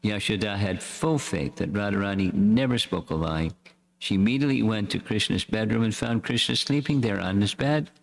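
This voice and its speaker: Brief: male swami, measured story reading, deep tone, echoey hall reverb. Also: gravelly. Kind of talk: reading a devotional story aloud.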